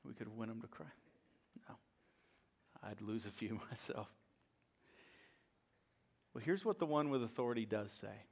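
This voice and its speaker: A middle-aged American pastor preaching a sermon, swinging from loud rhetorical questions down to quiet asides. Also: male voice, lowish voice, measured pace, gravelly, long pauses, slightly rough.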